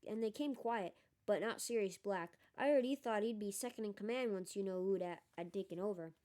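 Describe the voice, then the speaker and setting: A woman's voice: mid-range voice, fairly quick, close to an everyday voice. A woman doing a gossipy young bus conductor. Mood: excited. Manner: excitable, gossipy, dropped aitches. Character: chatty young Cockney bus conductor man.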